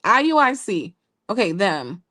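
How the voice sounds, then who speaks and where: A woman co-hosting a show, telling a story in a casual, playful way with laughing asides to listeners. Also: unhurried. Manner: animated, jumps high when quoting people. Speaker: podcast co-host telling a story.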